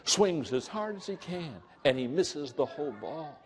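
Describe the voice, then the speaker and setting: A man gives a motivational talk full of jokes and anecdotes, slipping into a higher voice for the people he quotes. His voice is fairly high and very animated. The sound trails off into the long reverb of a large hall. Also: a little slow, background noise. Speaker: speaker.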